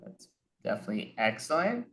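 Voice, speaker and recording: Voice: mid-range voice, big pitch swings, a little fast, a bit bright. Casual podcast host; rambling, hesitant interview questions.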